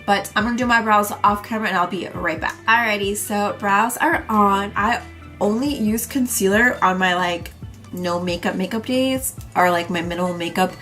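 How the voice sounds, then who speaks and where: A woman's voice: medium pitch, moderate pace, a bit bright, soft background music. A young woman vlogger, a little congested, chatting through her everyday makeup routine in a rambling casual way with lots of fillers. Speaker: beauty vlogger. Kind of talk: casual makeup tutorial chat.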